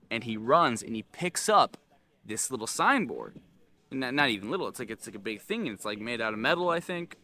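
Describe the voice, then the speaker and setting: A young man recounts a wild street encounter in a lively, up-and-down voice with a bright, forceful edge. He talks casually to his viewers and breaks into high yells as he acts parts out. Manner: animated, acts out screaming with loud high yells. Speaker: vlogger. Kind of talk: casual storytelling to camera.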